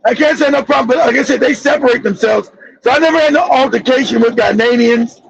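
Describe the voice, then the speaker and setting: A man's voice: very high voice, brisk, vocal fry, muffled recording, slight background noise. A man from Los Angeles hosting a live-stream monologue, telling stories in a blunt, profane way. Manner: profane, blunt storytelling with laughs. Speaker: channel host.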